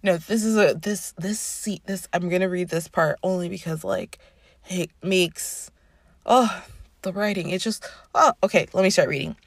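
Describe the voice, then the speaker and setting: A woman's voice: fairly low pitch, moderate pace, dry recording, clean studio sound. A woman giving a casual book review, gushing and rambling with many fillers, and reading a passage aloud.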